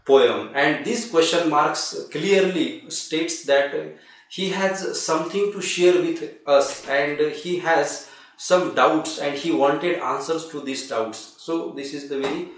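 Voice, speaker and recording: A man's voice: on the high side, slow. A man teaching a literature lesson online, explaining a poem step by step with frequent "uh" fillers. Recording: echoey room, mic at a distance.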